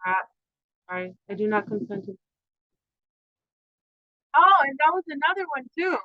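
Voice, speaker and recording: A woman's voice: high-pitched, big pitch swings, normal speed, dry recording. A woman in her fifties talking in a rambling, conspiratorial way, full of filler words, as she hosts her own channel. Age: 50s. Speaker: channel host. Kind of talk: casual monologue. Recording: slightly dull, dry home recording.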